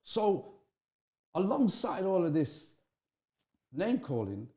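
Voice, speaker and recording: This middle-aged guest speaks slowly while candidly reminiscing about his youth in an interview. His delivery features lively jumps in pitch and many restarts.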